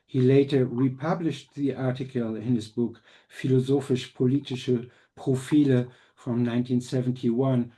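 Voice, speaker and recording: A man delivers a measured academic conference lecture. His voice is dark and mellow at a middle pitch, and he pauses now and then to restart a phrase. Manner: measured, reads quotes aloud with small restarts.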